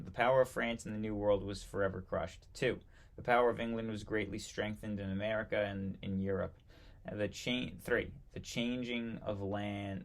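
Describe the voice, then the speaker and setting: A man with a lowish voice and vocal fry reads aloud from an old history textbook. Now and then he halts to correct himself and add brief asides.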